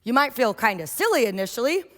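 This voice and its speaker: A woman giving a workshop lecture on children's art, lively and storytelling, often acting out quotes. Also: on the high side, fast talker. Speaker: early childhood art trainer. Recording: echoey hall.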